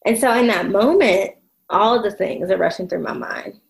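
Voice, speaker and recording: A woman's voice: medium pitch, moderate pace, vocal fry, low-quality recording. A woman telling a personal story in casual conversation, reflective, with many fillers and restarts.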